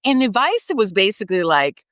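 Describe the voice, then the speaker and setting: A woman hosts a podcast, leading listeners through a reflection exercise before sliding into a personal story. Her talk is loose and conversational, full of "like" fillers. Her pitch sits mid-range but swings widely, and the recording is dry and close. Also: big pitch swings, brisk, a bit bright, no echo. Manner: conversational, many "like" fillers, laughs often. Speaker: podcast host and hypnotherapist.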